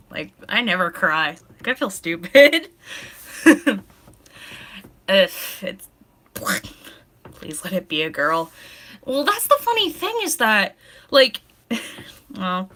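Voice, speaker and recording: Bright-voiced young woman chatting casually. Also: medium pitch. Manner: rambling, laughs often, tearful at times. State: pregnant. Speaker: streamer. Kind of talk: casual chat with live chat.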